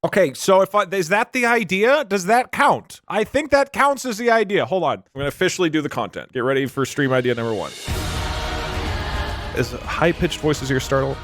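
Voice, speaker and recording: An excitable man in his thirties hosting a live stream, his voice a little high and bouncing widely in pitch. He reacts with mock disbelief and frequent laughter. Soft music plays underneath. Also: moderate pace. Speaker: streamer host. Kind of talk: casual live-stream chat.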